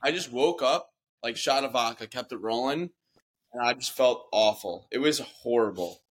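A man's voice: medium pitch, normal speed. A young man co-hosting a podcast, telling a rambling story in casual chat and swearing freely. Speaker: podcast co-host.

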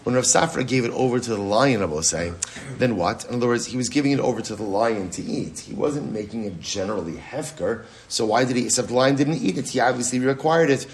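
A man's voice: medium pitch, fast. A man in middle age leads a Talmud class with lots of energy, his voice sitting in an ordinary middle range. He poses questions and answers them himself. He circles back over each point, repeating it for emphasis. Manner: animated, asks and answers his own questions, repeats phrases, Hebrew and Aramaic terms. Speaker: rabbi teaching Talmud.

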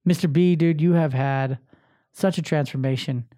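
A man's voice: on the high side, normal speed, warm tone. A man hosting his own podcast and coaching show. He talks in a casual, emphatic way, swears freely and repeats phrases to drive them home. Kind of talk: casual motivational monologue. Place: filming himself on camera.

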